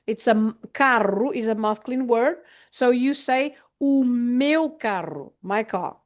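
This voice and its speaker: Woman teacher, slightly high voice, unhurried, patient, spells words out, hesitant fillers. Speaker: Portuguese language teacher. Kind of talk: online language lesson.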